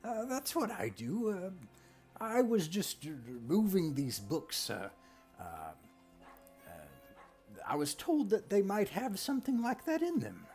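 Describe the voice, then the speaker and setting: A man's voice: sits high, wildly swooping pitch, a little slow, a little mellow, faint music behind, pitched above the performer's own voice, heavily acted. A man voicing a frail, infirm old man who stammers and hesitates while lying about his books. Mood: evasive. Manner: hesitant, stammering with many uhs.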